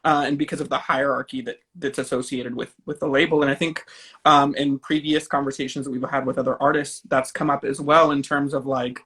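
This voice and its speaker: A man's voice: mid-range voice, level tone, a little fast, fairly bright tone, slightly rough. A man from Napa, California, interviewing an artist in a casual conversation, speaking thoughtfully with fillers and tag questions. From Napa, California, USA.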